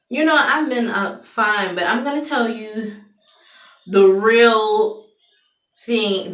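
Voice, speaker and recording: A young adult woman, soft-spoken and confiding as she tells a personal story to the camera, with many fillers. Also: on the low side. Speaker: vlogger. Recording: echoey room, far from mic.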